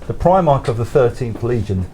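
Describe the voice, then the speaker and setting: A man's voice: medium pitch, animated, normal speed, mellow. A man answering interview questions as a guest author in a studio, thoughtful and rambling, often repeating words and laughing.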